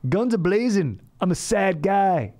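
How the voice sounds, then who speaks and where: A man's voice: high voice, animated, unhurried, a little mellow, voice pushed up. A man voicing a sad, blustering middle-aged man.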